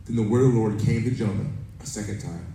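Preaching in a conversational way, this pastor tells a family story and reads scripture, talking fast in a fairly low, dark-toned voice. His sermon is captured from a distance, with roomy echo and a little background noise.

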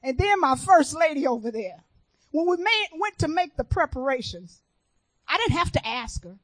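A woman minister from Chicago preaching a sermon in an earnest, testifying way, moving between hushed and emphatic. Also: high-pitched, big pitch swings, moderate pace, no echo, low-quality recording.

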